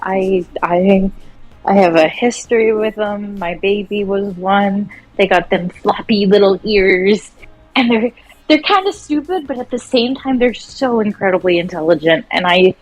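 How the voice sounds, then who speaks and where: A woman co-hosting a live stream, chatting casually and telling animated stories. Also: mid-range voice, normal speed, no echo, faint music behind, low-quality recording. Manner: animated storyteller who acts out her pets. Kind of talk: casual chat.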